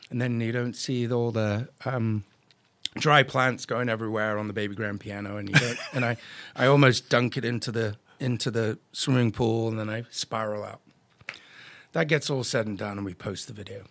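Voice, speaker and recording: Animated man telling stories. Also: mid-range voice, no echo. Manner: animated storyteller acting out quoted dialogue; salty, swears freely. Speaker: podcast guest, drone business owner. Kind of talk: casual storytelling chat.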